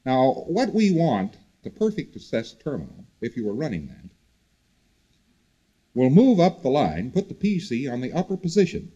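Male lecturer, lively up-and-down delivery, conversational, repeats for emphasis, husky. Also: medium pitch, normal speed, lo-fi sound. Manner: conversational, repetitive, animated emphasis. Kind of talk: recorded lecture to students.

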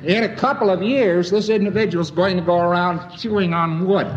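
A man's voice: high-pitched, normal speed, very noisy. A man giving a lecture in a folksy, wry, rambling way. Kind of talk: lecture to a live audience. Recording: dull lo-fi old lecture tape.

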